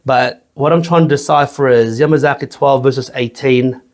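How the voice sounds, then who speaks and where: A man's voice: mid-range voice, fairly even intonation, moderate pace. A man hosting a casual whisky review from his small home studio, joking and swearing as he rambles, sweaty in the summer heat.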